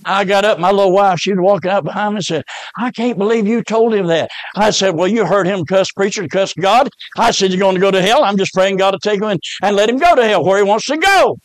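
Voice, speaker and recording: A middle-aged man, a pastor telling a folksy story in a sermon, rising at times to shouts and amens. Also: sits high, quick pace, no echo.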